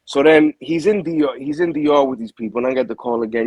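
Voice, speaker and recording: A boxing manager tells his story in loose, slangy talk and keeps restarting his sentences. His voice is husky. The sound is close and dry. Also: a little high, fast, no room sound, rough recording. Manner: animated storyteller, heavy slang, frequent restarts. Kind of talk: casual interview storytelling.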